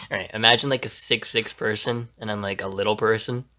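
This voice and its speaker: A man's voice: lowish voice, fairly even intonation, normal speed, sharp tone. Crude joking man in casual chat. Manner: crude, swearing, laughing often. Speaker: podcast co-host.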